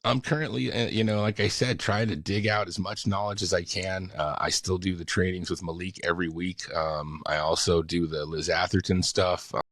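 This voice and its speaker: A man who works as a radio imaging voice talent, talking as a podcast guest in an eager, storytelling way, with a deep announcer-style voice and frequent laughs. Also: steady tone, normal speed, hardly any pauses, fairly bright tone, dry recording, clean studio sound. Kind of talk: casual podcast chat.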